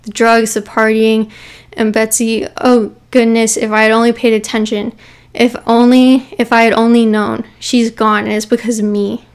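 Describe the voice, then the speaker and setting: A woman putting on a remorseful mother who pleads through tears, stumbling over her words and circling back as she begs. Her voice sits a touch high. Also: flat delivery, moderate pace, clean tone, natural voice. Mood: pleading. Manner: pleading, breaking off and repeating herself. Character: remorseful middle-aged mother, tearful and pleading.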